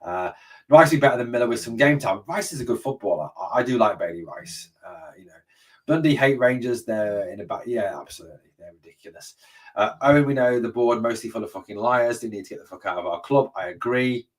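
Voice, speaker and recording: A man's voice: mid-range voice, lively intonation, a little fast, recorded from a distance. A man hosting a live stream, reading viewer comments and answering bluntly, often swearing and saying "mate". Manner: blunt and swears freely, says "mate" and "obviously" a lot. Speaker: host of a fan channel.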